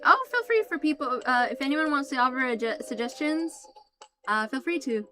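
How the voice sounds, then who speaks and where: A woman hosting a live stream, her voice a touch high. She chats with viewers, thanks them by name and reads their messages aloud between bits of narration. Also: lively intonation, a little fast, bright, forceful tone. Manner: chatty and apologetic, reading out chat messages. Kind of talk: live-stream chat and tabletop-style narration.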